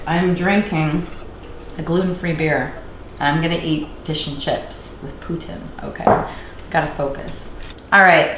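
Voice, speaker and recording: A chatty Canadian woman in her thirties rambles with self-deprecating humor while cooking at home. Her voice sits a little low and carries the echo of a hard-walled kitchen. A faint hiss stays in the background. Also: a bit bright. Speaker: cooking vlogger. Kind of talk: casual cooking vlog chat.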